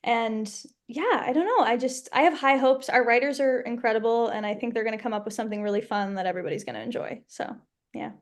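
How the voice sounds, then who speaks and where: A woman's voice: fairly high pitch, quick pace. A young woman, a guest actress, telling stories in a bubbly, laugh-filled way during a casual interview. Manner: bubbly, laughs often, storytelling.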